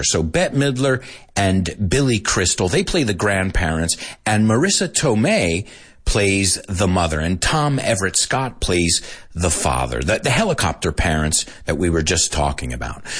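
A husky man in his thirties gives a relaxed English lesson, switching into Spanish now and then to explain words. His voice sits a little low but swings widely in pitch as he acts out the lines. The delivery is chatty and animated. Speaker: English teacher. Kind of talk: casual English lesson explaining a film scene.

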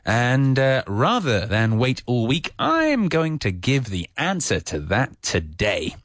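A man's voice: mid-range voice, wildly swooping pitch, takes it slowly, a bit bright, dry recording, studio quality. A man teaching English on the radio, talking off the cuff with many fillers and restarts. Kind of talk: unscripted radio English lesson.

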